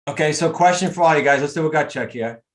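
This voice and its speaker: A man coaching a group on a video call, talking in an emphatic, motivational way with quick asides. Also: fairly high pitch. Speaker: real estate coach.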